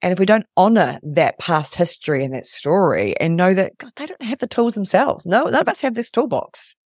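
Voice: medium pitch, very animated, brisk, no echo, clean studio sound. A podcast host and resilience coach talking earnestly and reflectively in a casual chat.

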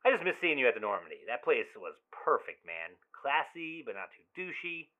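A man's voice: medium pitch, big pitch swings, moderate pace, natural voice. An actor playing an obsessive young man who leaves rambling, swearing, overly familiar voicemails in an audio drama. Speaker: caller leaving voicemails. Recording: tinny phone-line voicemail.

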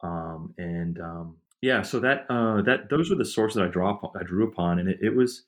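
A man's voice: deep voice, lively intonation, normal speed. A man answering interview questions as a historian guest, rambling through stories with many fillers and restarts.

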